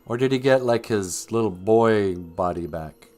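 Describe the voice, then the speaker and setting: A man's voice: fairly low pitch, a little slow, darkish tone, faint music behind. A man hosting a rambling comedic livestream, joking with his chat and laughing at his own jokes. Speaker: livestream host.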